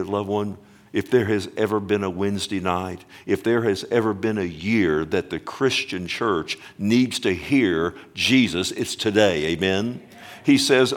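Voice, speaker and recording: A man preaching a Wednesday night sermon in church, calling for amens and slowing down to stress scripture. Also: on the low side, animated. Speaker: pastor.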